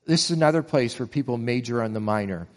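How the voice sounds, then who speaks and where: A man's voice: mid-range voice, fast, big-room sound. A man preaching a sermon with earnest rhetorical questions and frequent small restarts. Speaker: pastor.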